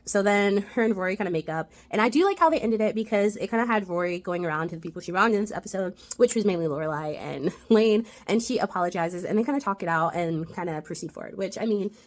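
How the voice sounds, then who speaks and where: A woman's voice: medium pitch, darkish tone. A woman giving a casual, chatty recap of a TV episode, retelling it with lots of "like" fillers. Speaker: TV rewatch reviewer.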